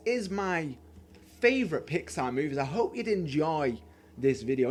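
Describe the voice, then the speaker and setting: A man's voice: medium pitch, sing-song, normal speed, a little mellow. A man, casually gushing about his favorite movies in a vlog, often repeating himself. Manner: enthusiastic, gushing, repeats words. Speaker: channel host.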